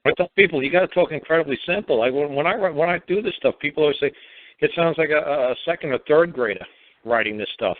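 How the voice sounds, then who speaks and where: A man's voice: on the high side, fast talker, no echo. Blunt, mocking man on a tinny phone line. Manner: blunt, mocking, stammers and repeats himself. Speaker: radio show host. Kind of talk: call-in radio advice.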